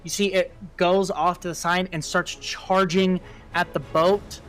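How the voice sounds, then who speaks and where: A man's voice: high-pitched, fairly even intonation, measured pace, fairly bright tone, soft background music. A man narrating a tabletop role-playing game as game master, casual, with fillers and sound effects.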